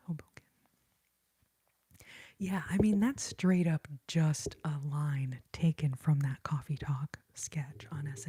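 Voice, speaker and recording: Breathy whispering woman, ASMR chat. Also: sits low. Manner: soft whisper, chatty, giggly. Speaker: ASMR host.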